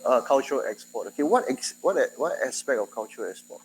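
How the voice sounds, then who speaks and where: A man with a Singaporean English accent tinged with Malay, giving a university lecture in a conversational way, questioning his students and often jumping in loudness and pitch. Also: lively intonation, quick pace, a little hiss or hum, low-quality recording. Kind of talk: classroom lecture.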